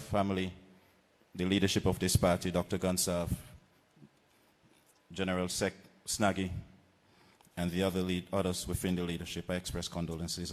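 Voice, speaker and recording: A man with a Vincentian accent giving a political rally speech, measured and deliberate with pauses and repetitions. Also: deep voice, long reverb tail. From Saint Vincent and the Grenadines. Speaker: political candidate. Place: outdoor political rally platform.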